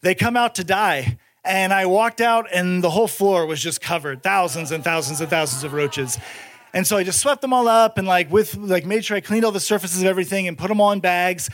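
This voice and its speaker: A man with an unusually high voice performs stand-up for a crowd. He tells his story in a profane, excitable way, dropping to low mutters and then breaking into loud shouts. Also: fairly quick. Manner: profane, excitable, swinging between muttered asides and shouted bursts. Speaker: stand-up comedian. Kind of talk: stand-up storytelling to a live audience.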